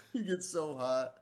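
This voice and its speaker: A man's voice: a little high, a little mellow. A man chatting as a podcast guest, teasing a friend and recalling old gaming buddies. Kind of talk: casual chat.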